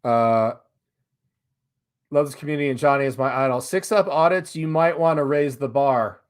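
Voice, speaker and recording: A man's voice: mid-range voice, normal speed. A man hosting a live stream in casual chat, reading viewer comments aloud in a loose, sarcastic way and laughing along.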